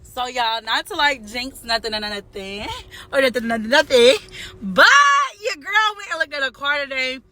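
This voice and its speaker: A woman's voice: high-pitched, lively intonation, moderate pace, few pauses, bright, forceful tone. Chatty young woman vlogging by her car. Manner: chatty, repeats phrases, addresses viewers as y'all. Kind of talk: casual vlog chat to viewers.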